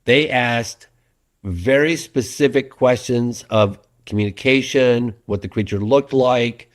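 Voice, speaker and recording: A man's voice: medium pitch, slow pace. Earnest middle-aged man telling stories. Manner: animated storyteller, earnest. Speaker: documentary filmmaker, interview guest. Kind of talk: casual interview chat.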